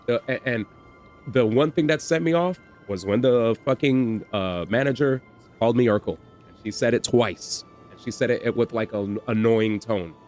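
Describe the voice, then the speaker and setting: A man hosting a livestream, telling a story in an animated, slangy way with swearing and repetition. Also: mid-range voice, normal speed, faint music behind. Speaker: livestream host. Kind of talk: casual storytelling on stream.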